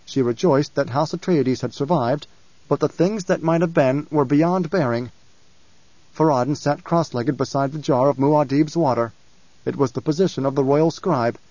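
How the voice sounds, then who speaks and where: The clip is a dull, lo-fi audiobook recording without room sound: a man with a medium-pitched voice narrates from a script in an even, deliberate storytelling manner.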